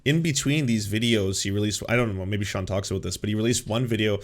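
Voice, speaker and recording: Male host, lowish pitch, loose and unscripted, reacts with rambling asides. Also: quick pace. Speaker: podcast host. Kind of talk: casual reaction chat.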